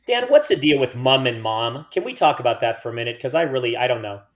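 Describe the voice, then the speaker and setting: An American man co-hosting a podcast talks in a rambling, jokey way at an average pitch. He teases his co-host with mock seriousness and wanders off into tangents in a plain, everyday voice. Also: lively intonation, fast talker. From United States. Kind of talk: casual chat.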